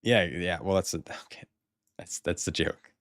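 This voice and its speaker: Low-pitched American guy, laid-back game streamer, swears freely, dry close-up sound. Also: normal speed, a bit bright, no echo. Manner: loose, rambling, swears a lot, laughs often. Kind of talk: casual live-stream chat.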